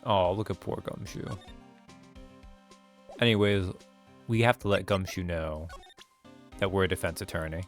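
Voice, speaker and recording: A man's voice: sits low, unhurried, long pauses, soft background music. A man streaming a game, chatting in rambling asides between the dialogue. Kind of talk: game commentary on a livestream.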